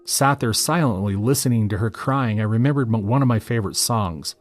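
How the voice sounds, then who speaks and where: A man reading out a first-person story as a narrator, in a steady, matter-of-fact way. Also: on the low side, fairly quick, few pauses, soft background music.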